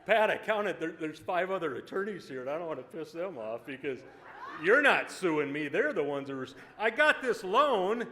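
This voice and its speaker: A man giving a loud, joking, profanity-laden acceptance speech at an awards dinner. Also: fairly high pitch, sing-song, moderate pace. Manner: loud, joking, swearing freely. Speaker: company CEO accepting an award. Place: banquet hall at an awards dinner. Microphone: podium microphone. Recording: live hall recording with crowd and noise.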